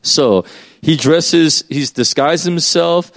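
A man's voice: a little high, slow, creaky, fairly bright tone. A man preaching a sermon in a loose, conversational way, explaining as he goes with many fillers and restarts.

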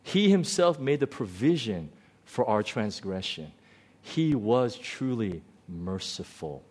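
A man preaching a sermon in a conversational, storytelling way, swinging between loud outbursts and quiet, low passages. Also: very animated, slow. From lives in Hong Kong. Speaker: pastor.

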